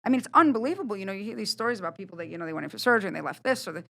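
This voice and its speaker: A woman's voice: medium pitch, lively intonation, very fast, gravelly, sharp tone. A woman, a guest on a studio podcast, speaking bluntly and animatedly about her own experiences, swearing casually. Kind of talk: candid conversational storytelling.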